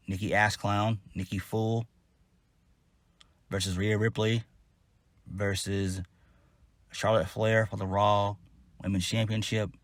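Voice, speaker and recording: A man's voice: on the low side, dry recording, clean studio sound. A man giving a casual solo wrestling review, blunt, exasperated and profane.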